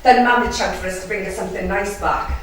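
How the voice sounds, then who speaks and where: A woman's voice: mid-range voice, fairly even intonation, fast, a bit bright, slight background noise, lightly acted. A young Welsh woman from the valleys, performing a teasing, bawdy monologue and laughing often. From South Wales valleys. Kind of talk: dramatic monologue. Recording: echoey room, distant mic.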